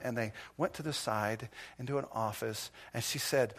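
A pastor delivers a sermon, shifting between quiet, intimate moments and loud, emphatic passages while sprinkling in anecdotes and gentle jokes at his own expense. His voice sits in the mid range and he speaks at a normal speed.

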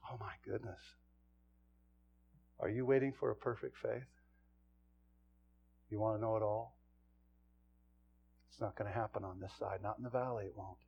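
A man preaching a sermon to his congregation as pastor, swinging from loud exclamations to hushed, low asides. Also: dull audio, a little hiss or hum.

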